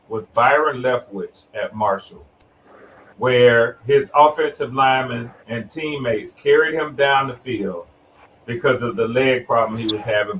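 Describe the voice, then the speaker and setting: A man's voice: medium pitch, fairly bright tone, recorded from a distance, slight background noise, poor audio. A man telling a sports story in a casual debate, repeating words as he builds up to his point.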